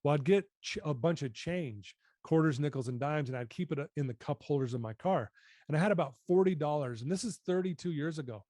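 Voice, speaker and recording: Earnest man in his fifties, mellow voice. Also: on the high side, brisk, no echo, studio quality. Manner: earnest, emotional storyteller. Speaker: guest. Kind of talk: storytelling in a podcast interview.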